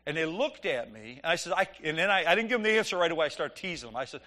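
A middle-aged man preaching, telling an animated, joking story and acting out the dialogue. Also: fairly high pitch, rapid-fire, few pauses. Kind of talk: sermon storytelling.

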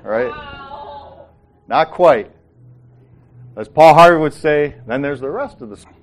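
A man's voice: fairly high pitch, lively intonation, a little slow. A man leading an informal Bible study, joking and acting out the characters' lines in a folksy way. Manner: folksy, joking, acts out quotes.

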